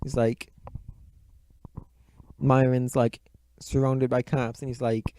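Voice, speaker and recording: A man's voice: medium pitch, little pitch movement, unhurried, dark tone, no echo. A man reviewing a movie in a casual, rambling retelling, swearing often and mocking himself, speaking close into the microphone. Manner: rambling, heavy swearing, self-mocking asides. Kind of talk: casual profane retelling of a plot. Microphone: close mic, speaking right into it.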